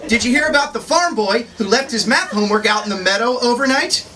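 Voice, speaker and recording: A man's voice: extremely high pitch, animated, fast talker, heavy background noise. A man playing a brash grown-up Tiny Tim. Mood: boastful. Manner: hammy corny stand-up with punchlines. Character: grown-up Tiny Tim, brash self-promoting male comic. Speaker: stand-up comedian. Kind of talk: live character stand-up. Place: bookstore, indoors. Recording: far-off live room with loud crowd.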